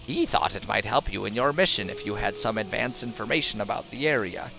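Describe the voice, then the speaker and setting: A man reading a stiff, earnest male scout from a fantasy game, measured and formal, his pitch moving a lot through the lines. He sounds dutiful and a little wooden, with a faint hiss in the background. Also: expressive, gravelly. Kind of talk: reading game dialogue aloud.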